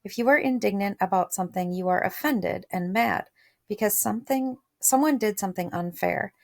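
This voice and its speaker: A woman's voice: mid-range voice, normal speed, vocal fry. A woman teacher reading a storybook aloud, chatty, stopping to explain words and share thoughts. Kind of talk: read-aloud lesson with commentary.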